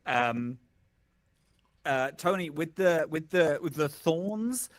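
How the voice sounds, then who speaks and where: A man's voice: fairly high pitch, lively intonation, takes it slowly. A man giving hesitant praise in casual chat after a tabletop game, with many "um" and "uh" fillers.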